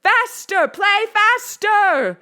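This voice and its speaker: A reader voicing a stern, excitable male piano teacher in a book reading, issuing commands that swing from hushed to shouted. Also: medium pitch, slow, no echo, clean studio sound, full character voice. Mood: frenzied shouting. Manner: commanding, rising to frenzied shouting. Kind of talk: audiobook reading.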